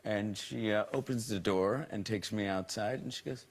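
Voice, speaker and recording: A man's voice: lowish voice, moderate pace. A man telling a funny anecdote on a talk show, acting out the voices in his story and laughing along the way. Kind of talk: animated storytelling. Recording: clip from a broadcast talk show.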